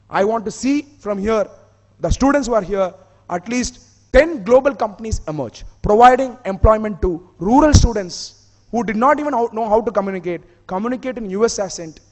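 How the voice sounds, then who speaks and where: A man's voice: high-pitched, expressive, fairly quick. Emphatic Indian man in a reverberant hall. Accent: Indian English. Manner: emphatic, repeats key phrases. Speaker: conference speaker. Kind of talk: motivational conference speech.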